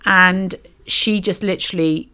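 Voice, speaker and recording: A woman's voice: lowish voice, steady tone, unhurried, pushed and bright, clean tone. A woman with a Welsh accent co-hosting a faith podcast, talking in a reflective, teaching way with frequent asides. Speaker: podcast co-host.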